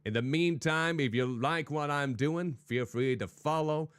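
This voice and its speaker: A man's voice: on the high side, measured pace, a bit bright, clean tone, no echo, clean studio sound. A man streaming a game, talking in a put-on hardboiled noir private-eye voice and chatting with his viewers. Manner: chatty, greets viewers by name. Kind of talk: live game-stream commentary. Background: faint background music.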